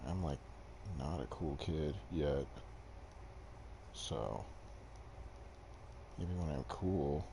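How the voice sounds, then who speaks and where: A man's voice: very deep voice, extremely slow, creaky, long pauses, dark tone, slight background noise. A young man streaming gameplay to a desk mic, chatting casually with viewers in a rambling, self-deprecating way. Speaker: game streamer. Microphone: desk microphone.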